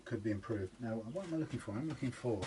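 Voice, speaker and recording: A man's voice: mid-range voice, lively intonation, quick pace, noisy background. A man talking casually through a guitar setup in his workshop, rambling and muttering to himself as he works. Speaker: guitar technician. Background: guitar being plucked.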